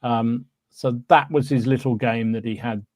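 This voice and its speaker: A man's voice: mid-range voice, steady tone, moderate pace, a little mellow. A man co-hosting a casual hobby podcast, chatting loosely with plenty of fillers. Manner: chatty, full of fillers and "there you go". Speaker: podcast co-host.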